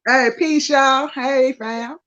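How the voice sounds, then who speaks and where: A woman's voice: high-pitched, fairly even intonation, takes it slowly, fairly bright tone, no echo, highs cut off. A woman from Little Rock speaks with a Southern accent. She is friendly and laughs easily as she greets everyone. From Little Rock, Arkansas. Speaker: guest.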